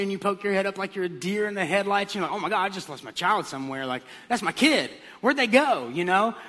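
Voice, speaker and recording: A man pastor preaching a sermon, telling stories with comic voices. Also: high-pitched. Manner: animated storytelling with comic voices. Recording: long hall reverb.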